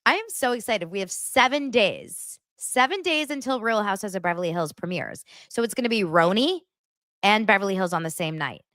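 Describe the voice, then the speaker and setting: A woman's voice: medium pitch, lively intonation, fairly quick, fairly bright tone, no room sound, studio quality. A woman hosting a livestream, chatting casually to her viewers in a gushing way, full of fillers and asides. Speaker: host of a pop-culture livestream show. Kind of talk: casual chat to a live audience.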